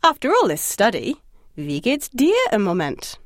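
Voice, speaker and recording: A woman narrating a scripted audio language lesson, encouraging and lightly humorous, asking the listener to answer out loud. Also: on the high side, wildly swooping pitch, unhurried, no echo, studio quality. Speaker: language course instructor.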